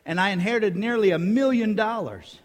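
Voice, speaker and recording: A man's voice: high voice, a little fast, lightly acted. A man voicing a sad grown man in a joke he tells from the pulpit, in a mournful storytelling way. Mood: glum. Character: sad grown man who keeps inheriting money. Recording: long hall reverb.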